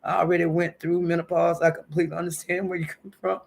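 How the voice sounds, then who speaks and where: A woman's voice: fairly low pitch, fairly even intonation, fast, vocal fry. A woman in her fifties hosting a casual home livestream, chatty and emotional, calling her viewers honey and baby. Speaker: livestream host. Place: at home indoors.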